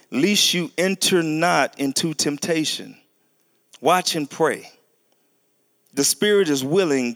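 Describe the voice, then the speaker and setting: This man is a pastor preaching. He reads from scripture at a slow, deliberate pace, then breaks out in sudden, animated bursts, loud and high.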